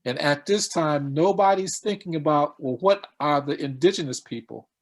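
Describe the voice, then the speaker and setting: A man's voice: on the high side, normal speed. A middle-aged man giving a seminar lecture, often putting questions to his students and repeating key words, with frequent fillers.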